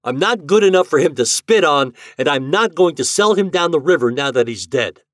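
A man's voice: a little high, lively intonation, brisk, dry recording, studio quality, pitched above the performer's own voice, lightly acted. A man voicing a bitter, weary male propaganda writer in an audiobook story, speaking in heated outbursts. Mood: defiant.

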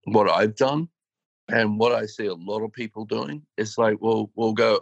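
A man's voice: on the low side, normal speed, vocal fry, no room sound, lo-fi sound. A man co-hosting a casual, reflective chat, speaking earnestly and acting out his own thoughts. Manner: reflective, earnest, self-quoting. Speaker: co-host.

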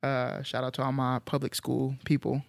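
A man co-hosting a podcast, chatting casually in a relaxed, rambling way with slang and fillers. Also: medium pitch, normal speed, creaky, no room sound, clean studio sound. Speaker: podcast co-host. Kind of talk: casual chat.

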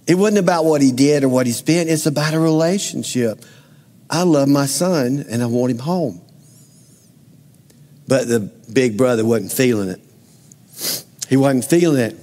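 A man's voice: medium pitch, a little slow, long pauses, warm tone, big-room sound. A man preaching a sermon to a congregation in a conversational way, asking them direct questions. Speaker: pastor.

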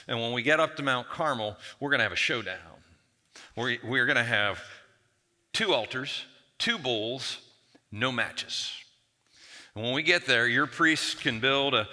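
A bold, confident prophet, as a male preacher plays him, laying out his terms in a plain, matter-of-fact way. His bright, sharp voice rings through a hall with a long reverb tail. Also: mid-range voice.

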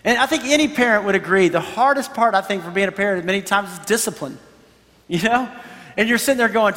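A man's voice: high-pitched, lively intonation, fast talker, fairly bright tone, long reverb tail. A man preaching a sermon as pastor, talking to his congregation in a loose, conversational way. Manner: conversational preaching with frequent "you know" and "right?".

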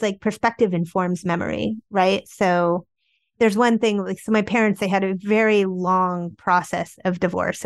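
A woman in an interview recounts family memories in a conversational, animated way, leaning on "like" as she goes. Her voice sits in an ordinary middle range. The sound is close and dry, with no room echo. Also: medium pitch. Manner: chatty, animated, peppered with "like". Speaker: memoir author guest. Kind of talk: candid storytelling interview.

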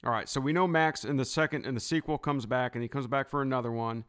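A male host chats casually with his guest, sounding eager and fan-like. His pitch sits right in the middle of the usual range for men. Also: quick pace, a bit bright, clear, resonant tone. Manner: enthusiastic, fan-like. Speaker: interviewer. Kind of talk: casual interview chat.

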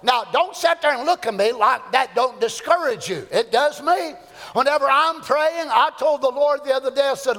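High-voiced preacher in an echoey hall. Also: male voice, moderate pace, fairly bright tone. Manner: fervent, folksy preaching with colloquial grammar. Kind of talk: sermon. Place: church sanctuary.

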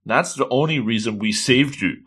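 A man's voice: medium pitch, normal speed, fairly bright tone, slightly rough. A man voicing a brash, teasing young male bounty hunter. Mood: cocky.

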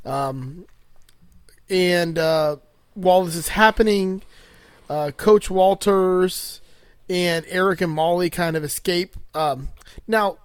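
A man's voice: high-pitched, slow pace, long pauses, smooth, no room sound. Crude, giggly man recapping a movie. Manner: crude, laughing, full of fillers. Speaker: podcast host recapping a film.

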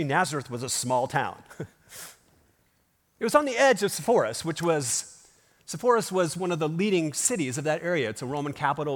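Animated preacher with a high voice. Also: male voice. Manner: emphatic preaching with rhetorical questions. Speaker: pastor. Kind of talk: sermon. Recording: long hall reverb.

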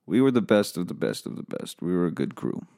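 A man's voice: low voice, very animated, fairly quick, creaky, mellow, no echo, in a whisper, studio quality. A man giving a profane comedic rant, weary and bitter, flaring into angry outbursts.

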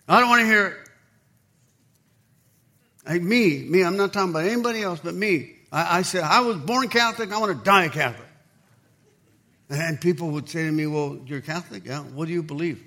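Pastor, man, high voice, energetic storyteller who plays out the dialogue in his sermon. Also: a little fast. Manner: animated storytelling, acts out quoted dialogue.

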